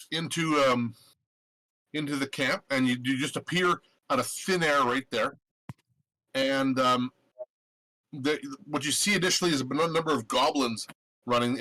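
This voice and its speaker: A man narrating a tabletop game as game master, halting with many fillers. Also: mid-range voice, sharp tone, poor audio.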